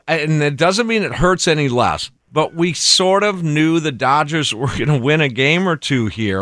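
A man's voice: a little high, a bit bright, no room sound. A man co-hosting sports talk radio, rambling and conversational. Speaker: radio co-host.

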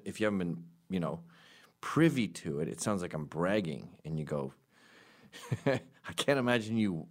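A man with a very low voice that still swings widely in pitch, riffing through a comedic monologue. He rambles and undercuts himself with dry, sarcastic asides. When he quotes other people, he jumps into loud, high voices.

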